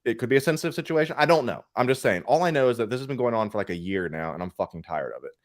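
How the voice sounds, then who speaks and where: A tired man co-hosting a casual collecting show, telling an animated story and swearing freely. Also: medium pitch, rapid-fire, no room sound, studio quality. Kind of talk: casual podcast chat.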